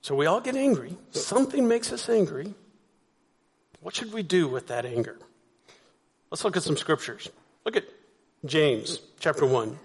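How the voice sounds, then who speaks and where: A man's voice: on the high side, animated, normal speed, pauses often, slightly rough. A man preaching a sermon as pastor, talking to the congregation conversationally and asking them rhetorical questions. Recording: long hall reverb.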